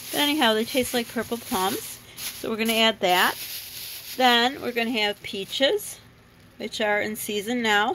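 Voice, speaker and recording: A vlogger who grew up abroad talks casually through her produce haul in her kitchen, wandering off track with many ums and self-corrections. The audio is poor, with a faint hiss or hum, and her mid-range voice sounds a bit bright.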